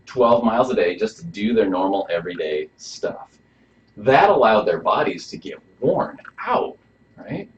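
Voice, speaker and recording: A chiropractor whose voice sits on the low side, swinging widely in pitch at a slightly slow pace, runs a live health workshop for a small audience. He speaks casually and poses questions; slight background noise runs through the dull lo-fi recording.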